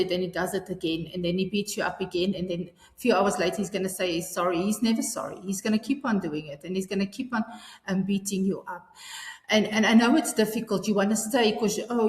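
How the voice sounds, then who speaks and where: A woman, telling her story earnestly in an interview, often restarting her sentences. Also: mid-range voice. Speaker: guest. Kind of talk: personal interview. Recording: echoey room with long reverb.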